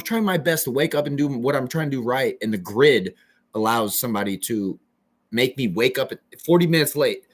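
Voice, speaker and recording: A young man talking casually about his own life, his voice sitting at an ordinary middle pitch. He rambles and restarts, losing the thread and trailing off. It is a loose, restless monologue. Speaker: person telling his own story.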